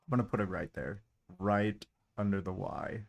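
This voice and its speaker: A man's voice: low voice, fairly even intonation, moderate pace, creaky. A man hosting a live stream, laid-back and teasing, laughing often between remarks. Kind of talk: casual live-stream chat.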